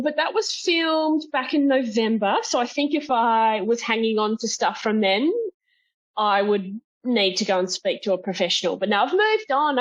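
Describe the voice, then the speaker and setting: A woman with a Queensland Australian accent, a comedian guest chatting in a wry, self-deprecating, joking way over a video call. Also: a little high. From Brisbane, Australia. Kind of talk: casual interview chat. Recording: muffled video call audio.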